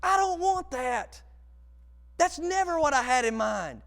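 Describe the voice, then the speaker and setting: A man's voice: very high-pitched, very animated, unhurried, vocal fry, fairly bright tone, voice pushed up, heavily acted. A man voicing a shocked woman who sharply sends a man away, insistent and scolding. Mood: indignant. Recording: long hall reverb.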